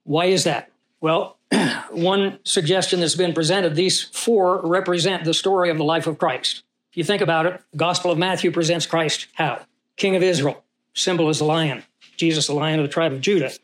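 A man's voice: on the high side, steady tone, moderate pace, a bit bright. A man teaching a Bible study, who reads scripture aloud and puts questions to his class.

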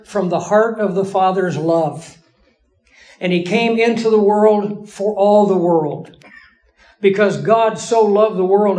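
A man lecturing a Bible class in a measured, explanatory way, with emphatic pauses. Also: high-pitched, a little mellow, poor audio. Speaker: Bible teacher.

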